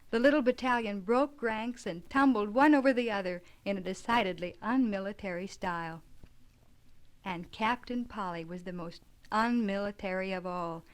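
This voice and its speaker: A woman reading an abridged children's classic aloud, gently expressive, giving the children's lines a light lift. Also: a little high. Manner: gentle, expressive narration with lively dialogue. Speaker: audiobook reader. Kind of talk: storybook reading with light character voices.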